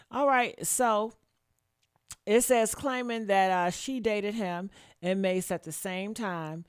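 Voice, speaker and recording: A woman hosting a celebrity gossip show, reading out statements and reacting bluntly with profane, sassy asides, swinging from low mutters to loud outbursts. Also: dry recording, clean studio sound. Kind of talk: casual commentary reading statements.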